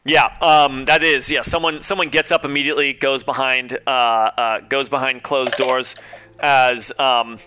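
A man's voice: mid-range voice, level tone, unhurried, sharp tone, clear, resonant tone. A man narrating a tabletop game as game master, hesitant with many fillers.

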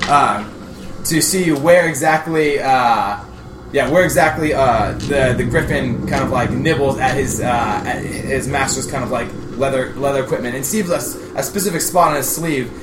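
A man playing a tabletop game, describing his character's actions hesitantly, with many pauses. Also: mid-range voice. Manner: hesitant, full of fillers. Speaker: player. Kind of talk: casual tabletop play. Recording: echoey room with background noise.

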